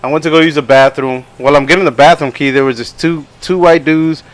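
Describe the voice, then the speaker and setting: A man's voice: a little high, steady tone, quick pace. A young man co-hosting a podcast, telling stories in a rambling way, laughing often and acting out what people said. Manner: rambling, laughing, acts out quotes in other voices. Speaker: podcast co-host. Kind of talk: casual storytelling chat.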